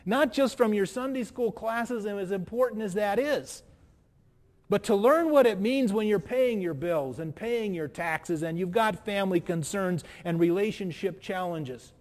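A man preaching a sermon as pastor, with emphatic pauses and rhetorical questions. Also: high-pitched, big-room sound.

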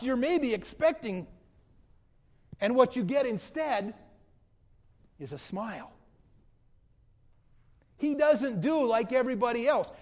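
A man preaching a sermon from the pulpit, animated, acting out the quoted lines as he goes. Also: very high voice. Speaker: pastor.

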